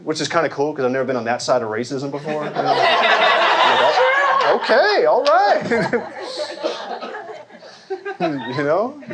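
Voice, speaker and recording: A man's voice: mid-range voice, fairly quick, very noisy. A man in his forties doing a stand-up set before a live audience in a large hall, wry, and talking to the crowd. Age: 40s. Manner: lively, wry, talks to the crowd. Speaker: stand-up comedian.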